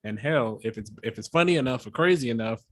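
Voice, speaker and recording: A man in his thirties chatting easily on a casual podcast, with offhand swearing. His voice is at a plain middle pitch. The sound is close and dry. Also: expressive, quick pace, no echo. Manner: laid-back, conversational, casual swearing. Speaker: podcast co-host. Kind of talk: casual chat.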